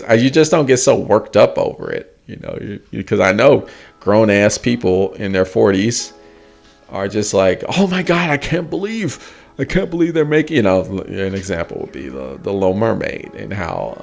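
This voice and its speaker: Guy in his 40s just chatting, gravelly, pitch jumps around a lot, laughs a bunch. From United States. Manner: animated, laughing often, mimicking people in a high voice. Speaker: host. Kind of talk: casual chat.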